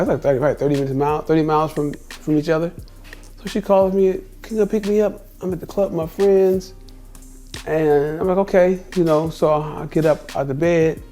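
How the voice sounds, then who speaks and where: Vlogger, male, 50s, slightly high-pitched, emphatic storyteller, faint music underneath. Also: a little mellow. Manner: emphatic and repetitive, retelling with quoted dialogue. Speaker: travel vlogger. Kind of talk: casual storytelling monologue.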